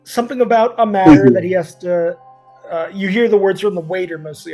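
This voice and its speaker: A man's voice: high voice, brisk, music in the background. A man running a tabletop game as game master, narrating in a loose style full of fillers.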